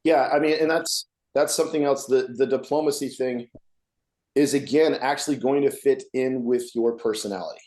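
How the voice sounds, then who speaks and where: Man, blunt storyteller, mellow voice, echoey room. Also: mid-range voice, normal speed. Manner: blunt storyteller acting out customers. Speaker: podcast co-host, bartender. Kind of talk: casual podcast chat.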